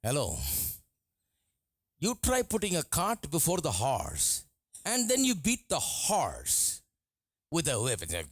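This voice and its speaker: A male preacher giving a sermon, animated and often laughing as he acts out what people say. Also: on the high side, slow pace, long pauses, no echo. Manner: animated, laughing, mimics voices in quotes.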